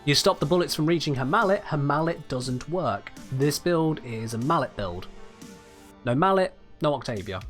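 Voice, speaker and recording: A man's voice: fairly high pitch, lively intonation, normal speed, a bit bright, soft background music. Chatty man streaming a game. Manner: chatty, wry, reads out and answers chat. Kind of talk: casual livestream chat while gaming.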